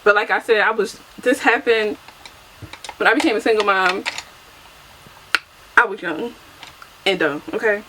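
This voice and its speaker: A woman's voice: mid-range voice, measured pace, long pauses, background noise. A young adult woman chatting casually through a get-ready-with-me makeup vlog, chatty and self-deprecating, laughing often, recorded on a camera mic at home. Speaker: beauty vlogger.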